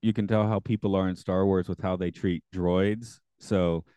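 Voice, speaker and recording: A man's voice: deep voice, steady tone, normal speed, dark tone, clean tone, no echo. A man hosting a podcast, reading show notes and chatting casually in a rambling, hedging way. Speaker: podcast host.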